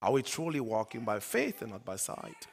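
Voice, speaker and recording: A male pastor preaching a sermon, swinging between loud emphatic bursts and quiet low asides. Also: very animated, normal speed, creaky. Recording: long hall reverb.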